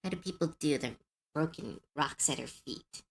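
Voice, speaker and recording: A woman's voice: deep voice, normal speed, gravelly. A young adult woman streamer chatting casually on a live stream, chatty and self-deprecating, laughing often.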